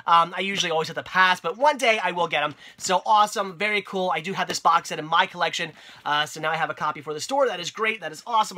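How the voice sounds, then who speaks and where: A man's voice: sits high, bright, forceful tone. A young man with a head cold, sounding congested, chatting upbeat about his finds, with lots of fillers and restarts. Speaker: video host and collector. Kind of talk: casual vlog narration.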